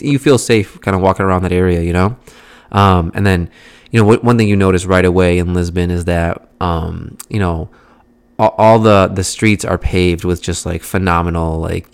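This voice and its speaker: A man's voice: sits low, clean tone, no room sound. A man hosting his own vlog, telling a casual travel story in a rambling way, with lots of fillers and swearing. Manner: rambling, filler-heavy, profane. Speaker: vlog host.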